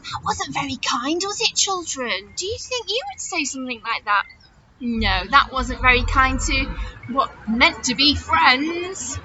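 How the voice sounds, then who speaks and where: A woman teacher reading a picture book aloud to children, expressive and asking them questions as she goes. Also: high-pitched, measured pace, dull audio, background noise. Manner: expressive, warm-toned questioning of young listeners.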